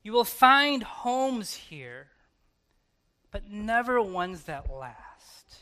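Bright, crisp-voiced American preacher. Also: male voice, sits high, sing-song. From United States. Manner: conversational preaching with dramatic pauses and soft asides. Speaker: pastor. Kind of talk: sermon. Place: church.

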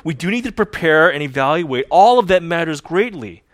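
A man, a pastor, preaching a sermon emphatically, repeating key lines and swinging between loud declarations and hushed, slow phrases. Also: fairly high pitch, big pitch swings, no room sound.

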